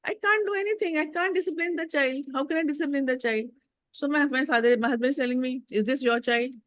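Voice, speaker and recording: An older woman, telling family stories in a casual chat, animated and laughing often as she acts out the people she quotes. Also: high voice, quick pace, dry recording. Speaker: guest.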